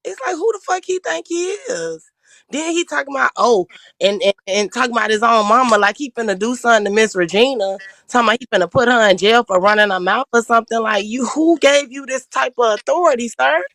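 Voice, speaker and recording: A woman with a high, gravelly voice chats on a live stream, dry and close to the mic. She sounds incredulous and indignant, swearing freely as she questions someone's authority. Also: fast, fairly bright tone, no echo. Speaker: stream co-host. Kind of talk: casual chat.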